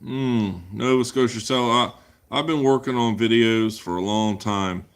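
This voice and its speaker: A man's voice: medium pitch, a little slow, clean tone. A man hosting a casual live chat Q&A, rambling and making crude jokes as he answers viewers. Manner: rambling, crude joking banter. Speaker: livestream host answering chat.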